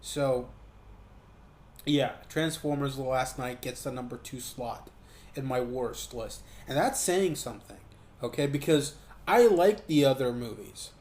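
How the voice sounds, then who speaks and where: A man giving a casual, profane movie review, talking in an animated way and mocking what he saw. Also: fairly high pitch, echoey room. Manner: profane, animated, quick asides with mocking quoted voices.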